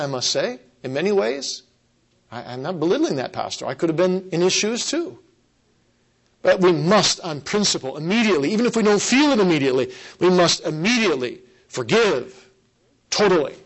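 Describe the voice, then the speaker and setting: A man with a fairly high-pitched voice delivers a sermon. He speaks earnestly and emphatically, repeating key phrases and slowing down on the ones he wants to land. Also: vocal fry, rough recording. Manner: earnest, emphatic repetition with slow stressed phrases. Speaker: preacher.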